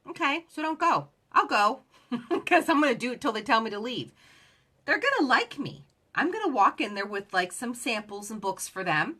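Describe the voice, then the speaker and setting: Animated, bright-voiced woman sales coach. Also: mid-range voice, moderate pace. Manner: chatty, acts out both sides of conversations. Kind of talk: casual motivational talk.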